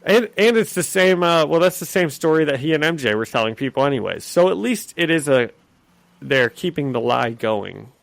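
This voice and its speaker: A man's voice: fairly high pitch, animated, normal speed, vocal fry, no room sound. A man co-hosting a podcast, recapping a comic in casual chat, often laughing and slipping into character voices. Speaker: podcast co-host.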